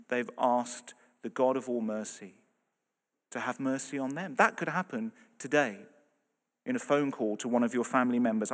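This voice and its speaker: A man delivers a sermon with earnest emphasis, his voice rising and dropping in loudness to drive his points home. His voice sits at an ordinary middle pitch. The sound carries a long reverb, as if from a large church hall. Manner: earnest, emphatic, swings between loud and soft. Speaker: preacher.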